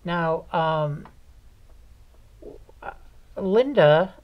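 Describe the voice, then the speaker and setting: A woman hosts a local community talk show in a chatty, folksy manner and teases her guest with light jokes. Her voice sits very low for a woman. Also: expressive, very slow, dull audio. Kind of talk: casual interview chat.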